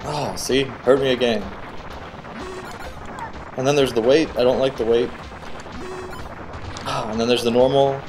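A man giving casual, excitable commentary while playing a video game, cheering on the character and guessing at the boss's moves. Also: medium pitch, a little slow, long pauses, background noise. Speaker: let's play host.

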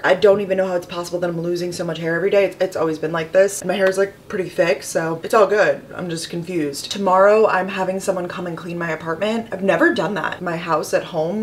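A woman's voice: fairly low pitch, a little hiss or hum. A young woman in her twenties chatting casually to the camera as a lifestyle vlogger, rambling with lots of "like". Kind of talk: casual vlog chat to camera. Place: city apartment and streets.

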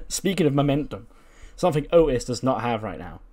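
A man commentates a wrestling management game in a casual let's play, chatty and loose, laughing and using lots of "like" and "you know." His voice is medium-pitched, sing-song and a little mellow, at a moderate pace.

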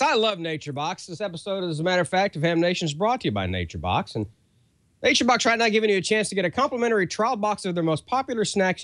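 A man's voice: high-pitched, a bit bright, no room sound. A middle-aged man co-hosting a show, doing a jokey, self-mocking ad read in casual talk. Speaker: co-host reading an ad.

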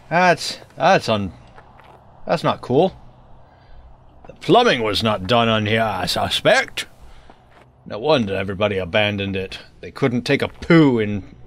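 A young man giving rambling, joking commentary on a horror game he plays, slipping into a put-on hillbilly drawl. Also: mid-range voice. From United States. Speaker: let's play gamer.

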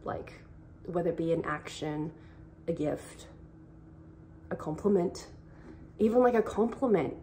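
A woman's voice: lowish voice, unhurried, long pauses, warm tone, slight background noise. A young woman, casually giving faith-based advice in an earnest, rambling way, saying "like" a lot. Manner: earnest, rambling, heavy use of "like". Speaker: vlogger.

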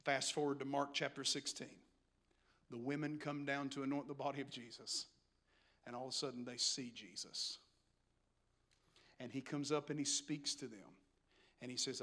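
A male pastor preaching a sermon, telling the story dramatically and swinging between hushed passages and shouts. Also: mid-range voice, level tone, moderate pace, long pauses.

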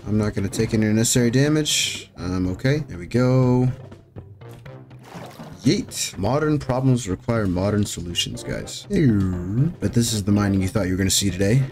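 A young man giving jokey, excitable commentary while playing a survival game, yelping at sudden scares. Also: lowish voice. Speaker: gaming YouTuber. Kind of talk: Minecraft commentary. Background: faint music.

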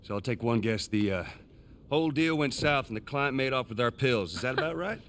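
An actor voicing a gruff, weary middle-aged male smuggler in a video game, speaking dryly and tersely. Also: mid-range voice, lively intonation, brisk, a bit bright, slight background noise. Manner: dry, terse.

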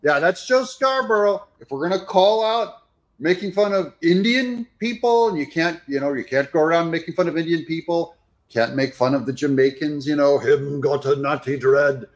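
A man giving sarcastic, animated reaction commentary on news clips. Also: on the high side, normal speed. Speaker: political commentator.

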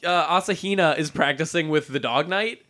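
A man co-hosting a casual podcast chat, swearing freely and acting out characters in quick put-on voices as he recaps a story. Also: on the high side. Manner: animated, profane, acts out characters in quick voices. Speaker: podcast co-host.

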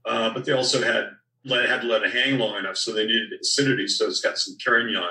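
An older man, a winemaker guest, talking in a relaxed storytelling way about vineyards and his wines. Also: lowish voice, fast, roomy sound, distant mic, poor audio.

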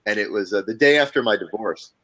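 A man with a Southern accent speaks as a panel guest, telling an anecdote in a self-deprecating, animated way. His voice is bright and forward. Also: lowish voice, fast talker, low-quality recording. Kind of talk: anecdotal storytelling.

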